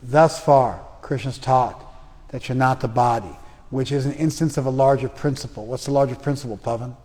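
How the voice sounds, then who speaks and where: A man's voice: mid-range voice, fairly even intonation, moderate pace, darkish tone. A man teaching a scripture class, quizzing students by name and teasing them bluntly when they hesitate. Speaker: Bhagavad Gita teacher. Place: class in a reverberant room. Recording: long room reverb.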